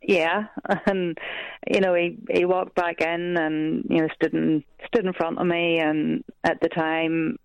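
A woman's voice: lowish voice, level tone, slow pace, creaky, clear, resonant tone, dry recording, poor audio. Hesitant woman caller on a dry line. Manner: hesitant, with lots of fillers. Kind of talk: phone-in call.

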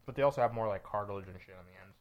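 A man's voice: fairly low pitch, racing, dull audio. Profane, rambling man on a podcast. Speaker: podcast co-host. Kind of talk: casual chat.

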